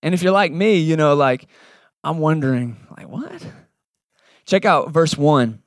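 A man preaching a casual sermon, acting out the Bible characters in quick shifting voices. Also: on the high side, dry recording, studio quality. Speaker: pastor. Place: church service in a cinema.

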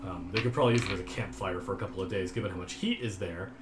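A man running a tabletop game as game master, describing scenes in a relaxed, storytelling way with fillers. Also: low voice, racing, background noise. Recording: roomy room sound.

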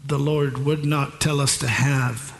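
A man preaching slowly and deliberately, with a gravelly edge in his voice. He repeats key phrases for emphasis and sometimes rises into shouted refrains. He is recorded in a large church with a long echo and faint ambience behind him. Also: medium pitch, steady tone, slight background noise. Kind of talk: sermon.

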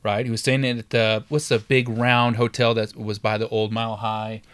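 A man's voice: fairly low pitch, normal speed, clear, resonant tone. A man casually telling a long story in conversation, acting out quotes and swearing freely. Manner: animated, acts out shouted quotes, swears freely.

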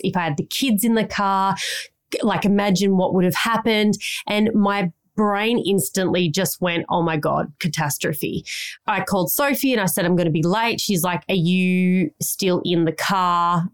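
A woman's voice: on the low side, clean tone. Rambling Australian woman telling a story. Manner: rambling storytelling, swears casually. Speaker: podcast co-host. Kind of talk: casual chat.

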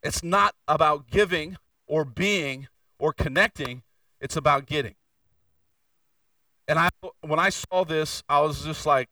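A man preaching a sermon as pastor in a church, moving between fervent, raised passages and quieter, confessional asides. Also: fairly high pitch, measured pace, long pauses, no room sound, recorded from a distance, low-quality recording. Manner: preaching with rising intensity and candid confession. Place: church sanctuary.

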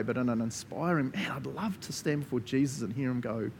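A man's voice: medium pitch, lively intonation, a little fast, creaky, few pauses, slight background noise. A man preaching a sermon as a pastor, earnest and conversational, laughing often between asides.

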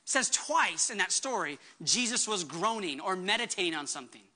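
A woman's voice: mid-range voice, expressive, brisk, bright, forceful tone. A woman pastor delivering a sermon with emphatic preaching, acting out the words she quotes.

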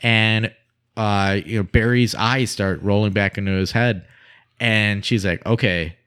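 A man's voice: on the low side, fairly even intonation, measured pace, a bit bright, clear, resonant tone. A man casually retelling a TV episode to a co-host in a wry, dry way with asides. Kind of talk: casual recap chat.

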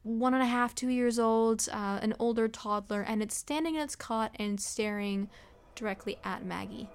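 A woman narrating a tabletop role-play scene as game master, describing it at an unhurried pace with filler uhs. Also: fairly high pitch, clear, resonant tone.

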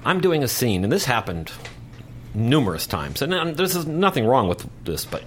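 A man guest in a casual talk, telling stories in an animated, theatrical way. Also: mid-range voice, moderate pace, a little hiss or hum. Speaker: guest performer. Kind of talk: casual chat.

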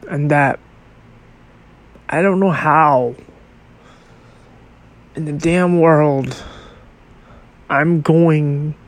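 A man hosting a podcast episode, telling a personal story in a halting, reflective and emotional way. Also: on the high side. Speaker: podcast host.

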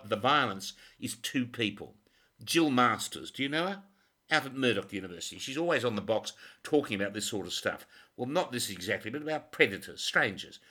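A man's voice: on the low side, sharp tone. A man voicing a matter-of-fact forensic pathologist professor.

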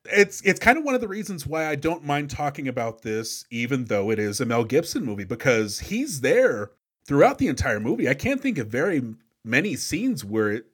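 Animated, lively-voiced male podcast host. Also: medium pitch, normal speed, slightly rough. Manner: animated, emphatic commentary. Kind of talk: casual movie podcast chat.

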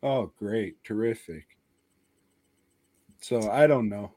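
A man's voice: lowish voice, slow pace, dark tone, dry recording. A man hosting a casual podcast, wry and cursing freely, telling stories and mimicking people he spoke to on the phone. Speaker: podcast host.

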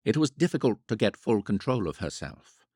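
A man narrating a classic novel in a measured, wry manner. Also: fairly low pitch, sing-song, mellow, breathy edge, no room sound, studio quality. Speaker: audiobook narrator. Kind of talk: scripted narration.

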